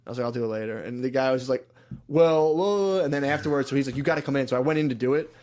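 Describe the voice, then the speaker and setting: A man's voice: medium pitch, steady tone, racing, darkish tone. A man on a podcast telling a story in casual chat, swearing and laughing often and acting out the people he quotes. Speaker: podcast co-host.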